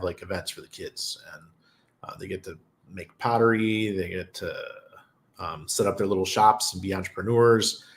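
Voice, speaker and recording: This low-voiced man with a fairly bright tone hosts a casual crypto livestream from his home in Panama. He reads viewer comments and rambles, chuckling often and using plenty of fillers.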